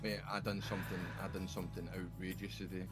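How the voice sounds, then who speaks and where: A man's voice: low voice, flat delivery, fast talker, over music. A Scottish man streaming a game, telling a rambling, swear-filled story to friends on a voice call. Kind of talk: casual chat on a voice call. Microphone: desktop mic on a voice chat.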